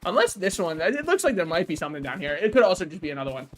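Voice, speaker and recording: A man's voice: high-pitched, sing-song, racing, fairly bright tone. A young man streaming a game, joking and rambling casually and laughing at his own jokes. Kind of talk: casual gaming stream chat.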